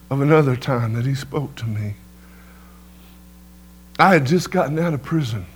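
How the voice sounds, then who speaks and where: A middle-aged man preaching his testimony, telling folksy stories and tossing "amen" to the congregation. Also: a little high. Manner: folksy storytelling, peppered with "amen" to the crowd. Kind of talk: sermon testimony storytelling.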